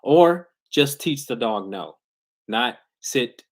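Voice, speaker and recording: A man's voice: medium pitch, animated, slow pace. A man who trains dogs, talking loosely and casually in a live question-and-answer stream, full of slang and restarts. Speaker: dog trainer hosting a live Q&A. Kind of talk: casual livestream talk. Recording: glitchy internet livestream.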